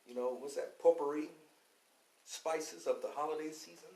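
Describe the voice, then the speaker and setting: A man's voice: fairly high pitch, fairly even intonation, moderate pace, creaky, mellow, roomy sound, rough recording. A man from Louisville, Kentucky, giving a fiery, slangy preaching lecture as class teacher on a radio show. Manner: fiery, slangy, repeats "you know what I'm saying". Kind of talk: preaching street-talk lecture.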